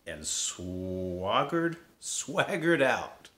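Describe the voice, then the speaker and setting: A man reading a picture book aloud in a gentle, playful storytelling manner. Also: mid-range voice, lively intonation, slow, roomy sound.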